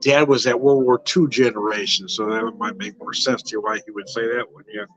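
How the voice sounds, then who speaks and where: A man's voice: fairly low pitch, fairly even intonation, a little fast, fairly bright tone, lo-fi sound. An older man from Southern California, chatting casually on a home wine livestream, rambling and laughing often, with occasional swearing. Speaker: wine vlogger. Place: home room.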